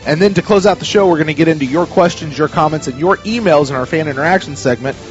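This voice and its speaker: A man's voice: on the high side, fast talker, muffled recording, faint music behind. A man hosting a casual sports podcast, chatty and full of restarts. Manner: chatty, many restarts and fillers. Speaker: podcast host.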